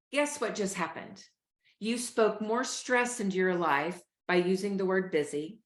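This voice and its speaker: A woman's voice: mid-range voice, measured pace. Earnest woman coaching in a roomy space. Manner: earnest and encouraging, coaching listeners on stress. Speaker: show host and wellness coach. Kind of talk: motivational talk to camera. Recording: roomy echo.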